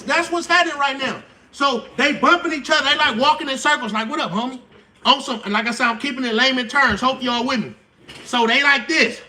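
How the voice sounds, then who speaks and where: A man's voice: extremely high pitch, sharp tone, recorded from a distance. A man hosting a casual livestream, talking in slangy, profane speech and repeating his points to drive them home. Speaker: channel host.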